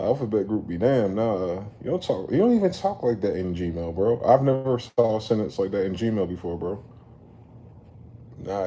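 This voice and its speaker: A man ranting in a late-night commentary vlog, animated and profane, repeatedly telling listeners to slow down. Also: on the low side, slight background noise. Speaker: commentary vlogger. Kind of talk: late-night rant to camera.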